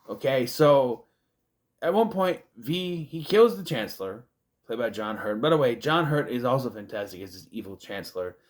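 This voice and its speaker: A man, casually reviewing a movie in a rambling, chatty way, with self-deprecating asides. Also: mid-range voice. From United States.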